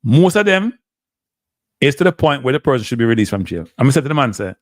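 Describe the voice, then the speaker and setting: A man's voice: mid-range voice, sing-song, quick pace, no room sound, clean studio sound. A man with a Jamaican accent hosting a live stream, talking casually and switching between standard English and patois. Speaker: live show host.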